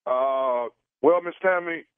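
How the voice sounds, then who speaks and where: A man's voice: mid-range voice, slow pace, clear, resonant tone, dry recording, natural voice. A man playing an apologetic caterer on a prank phone call, hesitant and stammering. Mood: sheepish. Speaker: prank caller. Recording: tinny dry phone line.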